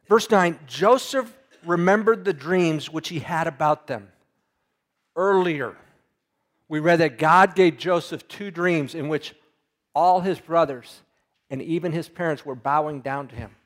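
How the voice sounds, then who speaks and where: A man's voice: on the high side, unhurried. A man preaching a Bible lesson in a casual, conversational way, retelling scripture in everyday words and asking his listeners questions.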